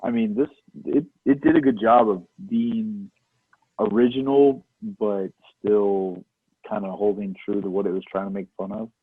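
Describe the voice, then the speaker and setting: Male podcast co-host, husky and relaxed, coming through a thin phone-like line. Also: lowish voice, moderate pace, no room sound. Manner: laid-back, says "dude" a lot. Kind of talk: casual movie chat.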